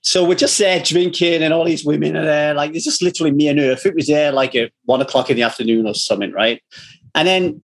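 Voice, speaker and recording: A man's voice: fairly high pitch, fast. A man from Manchester with a Northern English accent, chatting casually and telling blunt, profane stories. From Manchester, England. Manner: blunt, swearing freely, lively storyteller. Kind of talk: casual chat, storytelling.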